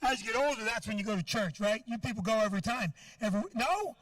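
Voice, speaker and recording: Brash, profane, high-voiced stand-up man. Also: fast talker, a bit bright, distant mic. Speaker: stand-up comedian. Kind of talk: stand-up set.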